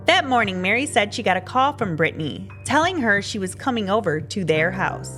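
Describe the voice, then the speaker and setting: A woman hosting a true crime show, giving expressive, scripted narration. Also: medium pitch, fairly quick, soft background music.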